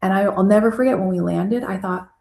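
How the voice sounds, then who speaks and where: A woman therapist, a podcast guest, telling personal stories casually and lively. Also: mid-range voice, quick pace, creaky, roomy sound. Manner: storytelling, animated when quoting herself. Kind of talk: casual interview chat.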